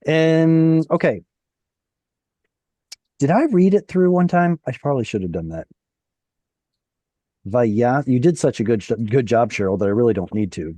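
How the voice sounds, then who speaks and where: A man's voice: medium pitch, expressive, moderate pace, pauses often, dark tone, no echo. A man teaching a Hebrew reading class over a video call, patiently explaining step by step.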